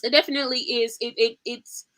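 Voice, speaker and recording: An eager woman author talks about her books in an interview. Her voice sits very high and rings with a sharp, bright edge. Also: little pitch movement, fairly quick, no room sound. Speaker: guest author. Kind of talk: interview chat.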